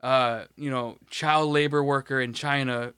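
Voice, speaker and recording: A man's voice: medium pitch, fairly even intonation, unhurried, sharp tone, smooth, no room sound. A man co-hosting a podcast in casual chat, rambling and swearing with many restarts. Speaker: podcast co-host.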